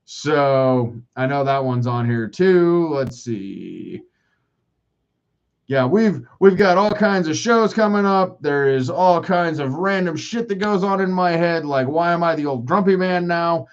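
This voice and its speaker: A man's voice: a little high, expressive, measured pace, muffled recording. Profane rambling man in his forties. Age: 40s. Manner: profane, self-mocking rants. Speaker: podcast host. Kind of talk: rambling solo podcast monologue.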